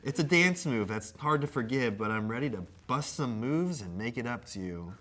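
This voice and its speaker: A man's voice: medium pitch, lively intonation, moderate pace, a bit bright. A man reading a silly letter aloud in a theatrical, comedic way, breaking into amused laughs. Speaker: co-host.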